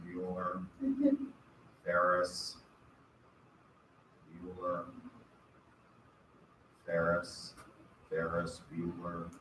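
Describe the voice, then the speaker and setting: A male college lecturer giving a conversational classroom lecture with wry, rambling asides. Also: mid-range voice. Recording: echoey classroom from far off, faint hiss.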